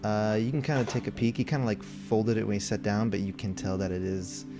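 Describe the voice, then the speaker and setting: A man running a tabletop game as game master, narrating in a relaxed way with many fillers, music behind. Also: on the low side, brisk.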